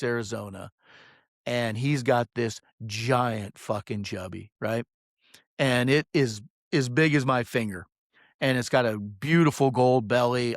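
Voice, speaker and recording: A fishing guide talks casually into a close mic, rambling and swearing as he tells his story. His voice sits at a middle pitch for a man. The sound is dry, with no echo. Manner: rambling, profane, many "um"s.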